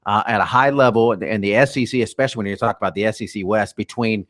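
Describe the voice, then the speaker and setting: A man's voice: lowish voice, fairly even intonation, quick pace, fairly bright tone. A man co-hosting sports talk radio, giving rambling opinions with many restarts.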